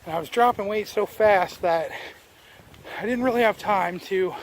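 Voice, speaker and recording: This walking vlog features a New Jersey man speaking to the camera he holds as he moves outdoors. His voice is high-pitched at a moderate pace over slight background noise, and he rambles with many fillers and restarts.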